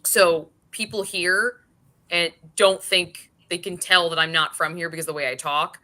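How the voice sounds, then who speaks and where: A woman from California talks bluntly and casually, throwing in the odd swear. Her voice is lowish but bright and forceful in tone. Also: steady tone, moderate pace. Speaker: book club co-host. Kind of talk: casual chat.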